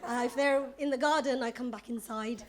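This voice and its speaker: High-voiced female stand-up comic. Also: fairly even intonation, a little fast, a little hiss or hum. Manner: conversational, teasing the audience. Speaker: stand-up comedian. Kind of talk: stand-up comedy.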